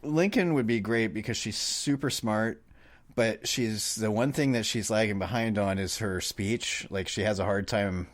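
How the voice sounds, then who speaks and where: A man's voice: on the low side, moderate pace. A man in his thirties co-hosting a casual podcast, rambling and self-deprecating, laughing often. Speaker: podcast co-host. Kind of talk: casual chat.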